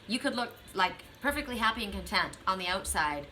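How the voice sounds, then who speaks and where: A middle-aged woman with a bright, forward voice gives a spiritual oracle card reading. She speaks earnestly and straight to the listener, circling back to the same affirming phrases again and again. A faint hiss of noise sits under her voice. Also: medium pitch, lively intonation, a little fast, poor audio. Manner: earnest, repetitive, affirming, addresses the listener directly.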